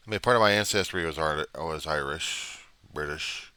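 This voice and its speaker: A man's voice: a bass voice, normal speed, hardly any pauses, pushed and bright, clean tone, no room sound. A man from the United States, rambling and trailing off in a personal video diary, with mild cursing. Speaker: video diarist.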